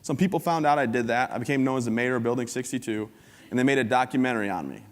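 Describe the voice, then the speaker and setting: A man's voice: mid-range voice, quick pace. A man giving a humorous, upbeat motivational talk as a keynote speaker at a conference. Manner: joking, upbeat storyteller. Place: large conference hall. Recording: long hall reverb.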